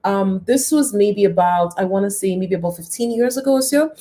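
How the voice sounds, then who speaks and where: A woman's voice: mid-range voice, a little fast, dark tone. A woman in her thirties telling a personal story on a live stream, greeting viewers by name and swinging her voice up and down for drama. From lives near Toronto.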